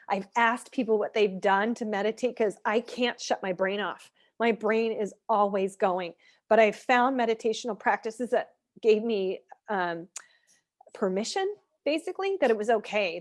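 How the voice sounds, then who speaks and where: A woman fitness and nutrition coach speaking candidly over a video call, chatty with many fillers, leading an online workshop. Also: mid-range voice. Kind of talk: casual online workshop talk.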